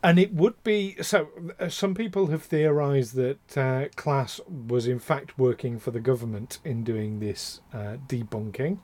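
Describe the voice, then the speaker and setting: A man's voice: mid-range voice, measured pace, hardly any pauses, a little mellow, no echo. A man co-hosting a podcast in casual chat, rambling and getting heated, with the odd swear. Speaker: podcast co-host.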